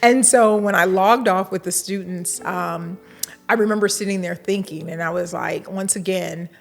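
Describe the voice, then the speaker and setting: A middle-aged woman, a university administrator, telling a lively story in an interview, acting out the dialogue and laughing now and then. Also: mid-range voice, moderate pace, vocal fry.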